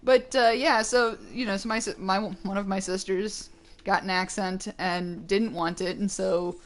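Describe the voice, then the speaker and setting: A woman's voice: mid-range voice, steady tone, a little slow. A woman co-hosting a game stream, talking in a chatty, rambling way with many restarts. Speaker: co-host of a gaming stream. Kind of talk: casual gameplay chat.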